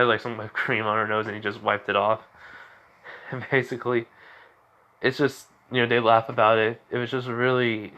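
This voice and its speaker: A man's voice: mid-range voice, pushed and bright, highs cut off. A man casually retelling a fan story, rambling with constant fillers.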